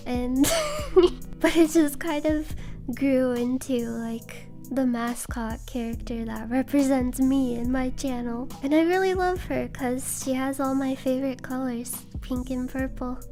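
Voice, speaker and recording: Giggly high-voiced woman. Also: unhurried, faint music behind. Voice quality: soft. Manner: giggly and bubbly, laughing often. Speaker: YouTuber answering fan questions. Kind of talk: casual Q&A vlog.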